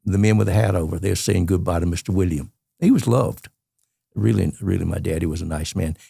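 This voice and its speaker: An elderly man with a Southern US accent tells colorful, rambling stories as a podcast guest. His voice is low, dark and gravelly. The recording is close and dry. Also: a little fast, no room sound. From Georgia, USA. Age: 80s. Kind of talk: storytelling interview.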